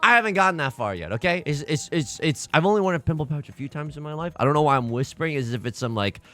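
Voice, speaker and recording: A young man giving casual, self-mocking commentary over a mahjong game, jokey and animated. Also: on the high side, fast. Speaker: mahjong streamer. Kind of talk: casual let's-play commentary.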